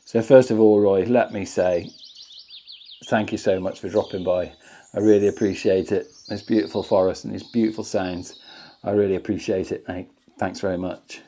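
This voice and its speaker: This man's voice is deep and warm, with fairly even intonation at a normal speed. Outdoors at his back-garden camp, he films on a phone camera and chats cheerfully, joking enthusiastically in a casual camping vlog.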